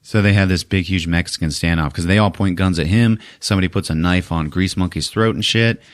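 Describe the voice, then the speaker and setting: A man's voice: sits low, fairly quick. A man hosting a podcast, casually recapping a film, swearing freely, laughing often and acting out the characters. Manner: profane, laughing, acts out scenes in voices. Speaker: podcast host.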